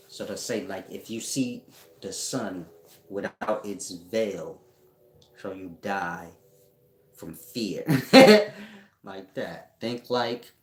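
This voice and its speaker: A man giving a casual spiritual teaching at home, talking slowly and often checking that listeners follow him. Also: lowish voice, a little hiss or hum. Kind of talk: casual esoteric teaching monologue. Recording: echoey room.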